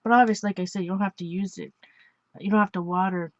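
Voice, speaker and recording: A woman's voice: mid-range voice, steady tone, quick pace, no room sound, dull audio. A woman from Ontario chatting casually and rambling while she works on an art journal page, laughing often and correcting herself. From Ontario, Canada. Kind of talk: casual chat while crafting.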